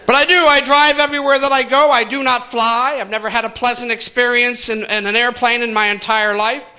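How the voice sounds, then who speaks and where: A man's voice: very high voice, bright, forceful tone, a little hiss or hum. A man doing stand-up comedy on a theater stage, telling exaggerated stories and making asides to the audience.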